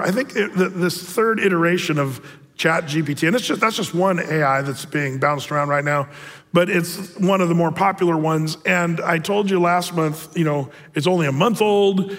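Chatty pastor with a raised voice. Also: male voice, fairly high pitch, a bit bright, big-room sound. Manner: chatty, digressive, joking asides. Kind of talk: casual prophecy-update sermon.

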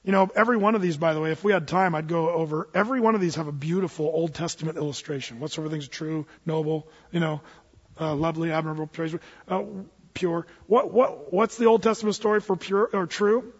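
A male pastor preaching a sermon as an animated storyteller, swinging between loud bursts and hushed asides, with joking asides. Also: a little high, fast talker, breathy edge, in a large hall, lo-fi sound.

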